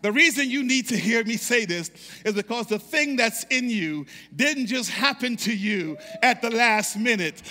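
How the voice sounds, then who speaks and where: A man preaching in a church with a high, bright, ringing voice. His delivery is fervent, and he repeats lines and urges the congregation to answer back. A long reverb trails off his words through the sanctuary. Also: lively intonation, moderate pace, hardly any pauses. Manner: fervent call-and-response preaching, repeats phrases. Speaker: pastor. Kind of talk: sermon.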